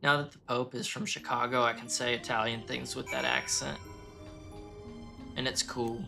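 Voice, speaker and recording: Bright-voiced joking male streamer. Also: medium pitch, flat delivery, moderate pace, gravelly, soft background music. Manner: joking, crude, talks straight to chat. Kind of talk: casual gameplay chat with viewers.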